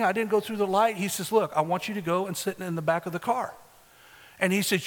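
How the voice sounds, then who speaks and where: A man with a high, light voice preaches to his congregation, swinging between quiet asides and loud, emphatic climaxes. His voice rings out with a long echo from a church sanctuary. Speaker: pastor. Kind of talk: sermon.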